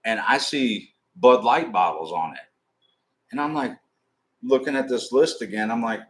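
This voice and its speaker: A man hosting a live stream, telling a long, rambling, profane story in a casual, animated way. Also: lowish voice, moderate pace.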